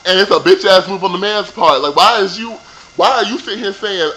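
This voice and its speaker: This young vlogger, reviewing a reality show, has a high, bright voice and a forceful tone as he talks a little fast. His casual rant about the reunion is sassy and profane, and the recording is rough.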